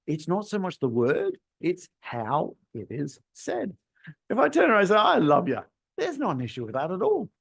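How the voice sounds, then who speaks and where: A male podcast host talks through sales tips on his own. His emphatic delivery swoops widely in pitch. His voice sits a little on the high side. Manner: animated, emphatic, plays with tone. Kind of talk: solo podcast talk.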